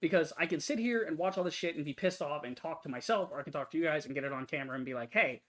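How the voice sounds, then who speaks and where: A man ranting casually to camera at home, swearing often, tagging sentences with "right?" and jumping up in pitch when worked up. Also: racing. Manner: profane, repetitive "right?" tags, animated pitch jumps. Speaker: YouTube commentator. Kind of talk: ranting commentary. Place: home, late at night.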